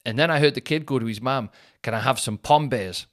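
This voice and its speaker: A man's voice: mid-range voice, fairly quick. A man in his thirties, a podcast host telling a self-mocking comic story with mock outrage. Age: 30s.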